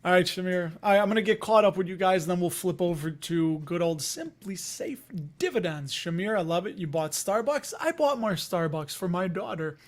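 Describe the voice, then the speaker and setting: A man's voice: high-pitched, expressive, normal speed, few pauses. A man with a Chicago accent hosting a casual livestream, rambling and chatty, laughing often as he talks to viewers. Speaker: investing livestream host.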